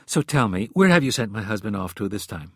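A man voicing a pushy, defensive woman reporter, speaking in a sharp, indignant way, for an audiobook. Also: lowish voice, very animated, brisk, no echo, clean studio sound, heavily acted.

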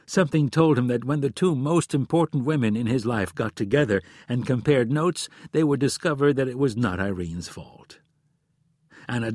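A male audiobook narrator reads in a steady, measured way, his voice husky and recorded dry and close. His pitch sits in a plain middle range for a man. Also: dry recording. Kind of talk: scripted narration.

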